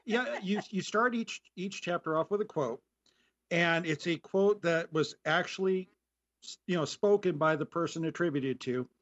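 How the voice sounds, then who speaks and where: A man's voice: fairly high pitch, moderate pace, fairly bright tone. Thoughtful male co-host, lo-fi. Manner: conversational, thoughtful questions. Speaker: podcast co-host. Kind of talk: podcast interview. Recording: dull lo-fi sound.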